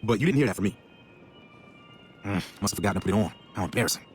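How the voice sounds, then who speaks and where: An actor playing a polite society member who confides gossip, in a game. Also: male voice, on the low side, very fast, faint music behind, natural voice. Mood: confiding. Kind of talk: video game voice acting.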